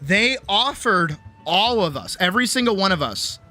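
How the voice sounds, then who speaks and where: A woman streamer telling a casual, animated story, swearing freely and acting out other people's lines. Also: mid-range voice, moderate pace, faint music behind. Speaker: streamer and artist.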